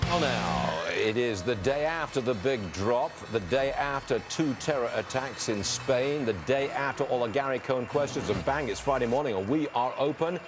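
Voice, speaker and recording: A man hosting a live business news broadcast, running through market moves in a quick, chatty way. His voice sits at an ordinary middle pitch, and he drops in asides between the figures. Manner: brisk, conversational, quips between figures.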